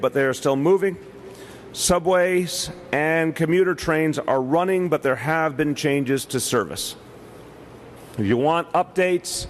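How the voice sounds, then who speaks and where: A middle-aged man with a New York accent giving an official press briefing as mayor, speaking deliberately with frequent "uh" pauses. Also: a little high, a little hiss or hum.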